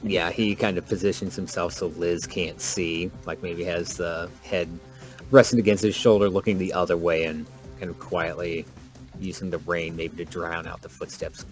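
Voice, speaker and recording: A player in a tabletop game narrating his character's moves. His voice is very low and his delivery casual and measured. Faint music plays in the background. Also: fairly even intonation.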